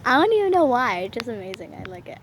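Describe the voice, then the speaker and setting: A woman's voice: fairly high pitch, sing-song, quick pace. Giggly young woman vlogging outside in rain. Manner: giggly, rambling, frequently laughing. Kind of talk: casual vlog chat. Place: outdoors in the rain. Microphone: phone camera held by hand. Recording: loud rain and outdoor noise.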